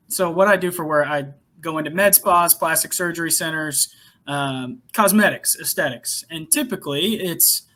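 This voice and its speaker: A man's voice: fairly high pitch, sharp tone. A young man co-hosting a podcast, chatting casually and laughing as he tells a story about his sales job. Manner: chatty, laughs while telling a work story. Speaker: podcast co-host. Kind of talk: casual chat.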